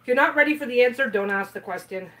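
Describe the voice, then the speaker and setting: Woman co-host, quick talker, dry quips, a bit off-mic. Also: a little high, fairly bright tone, distant mic, rough recording. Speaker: co-host, tarot reader. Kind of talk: casual chat on a livestream.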